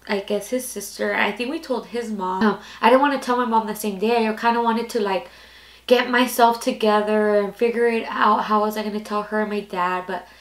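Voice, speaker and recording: A young woman in her twenties recounts her own story to camera in a loose, confessional way, padding her sentences with "like" and circling back as she goes. Her voice sits at a middle pitch, and the roomy, echoey space around her carries each word. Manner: candid, rambling, heavy use of "like". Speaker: storytime vlogger. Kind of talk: casual personal storytelling. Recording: echoey room.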